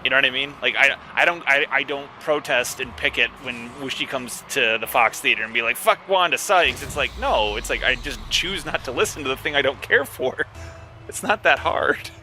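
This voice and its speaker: A man's voice: mid-range voice, normal speed, bright, forceful tone. Rambling man over game music. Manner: rambling, hesitant, searching for words. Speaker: gamer chatting while playing. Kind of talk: casual chat over game voice chat. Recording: voice chat with game music behind.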